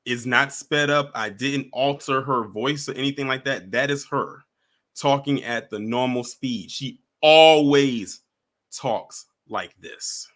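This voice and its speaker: A man's voice: mid-range voice, unhurried, pushed and bright. A man hosting a casual reaction stream, talking straight to his viewers and chat. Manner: conversational, addresses viewers as y'all. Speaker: host reacting to clips.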